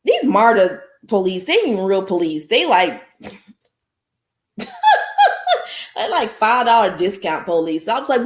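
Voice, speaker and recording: Her voice is mid-range, and she takes her time, pausing often, in a reverberant space. The podcast host relates a story in a frank, relaxed monologue, lively and addressing her audience as "y'all."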